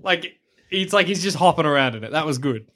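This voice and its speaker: A young man co-hosting a podcast late at night, animated and tired, laughing often and swearing. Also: on the high side, a little fast. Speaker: podcast co-host. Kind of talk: casual late-night chat.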